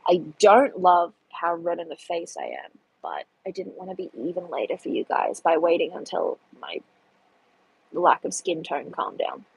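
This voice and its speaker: A woman's voice: lowish voice, very animated, moderate pace, creaky, darkish tone, slightly rough, low-quality recording. A young woman, hosting a casual live stream and chatting through the chat with a self-deprecating manner. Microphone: phone.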